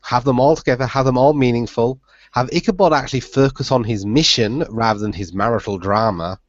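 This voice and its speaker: A man's voice: medium pitch, a little fast, dry recording. Sarcastic, emphatic man podcast co-host. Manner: sarcastic, emphatic, laughs often. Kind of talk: casual chat. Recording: muffled dry podcast audio.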